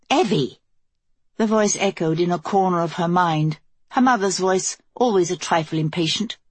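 A woman reading a fantasy novel aloud as the narrator, in a steady, measured way. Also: lowish voice, husky, no room sound. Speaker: audiobook narrator.

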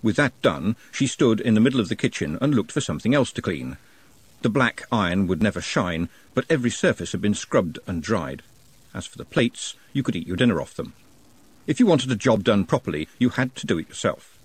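A man narrating an audiobook in an expressive, wry manner, recorded close to the mic. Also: fairly low pitch, fairly quick, slightly rough. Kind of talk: scripted narration.

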